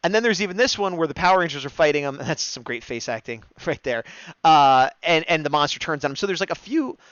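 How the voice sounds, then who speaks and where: A man co-hosting a fan discussion show, excitedly rambling through an episode recap and acting out quoted lines. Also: fairly high pitch, fast, clear, resonant tone, no room sound. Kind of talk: casual recap chat, livestream. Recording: dull, dry, lo-fi stream mic.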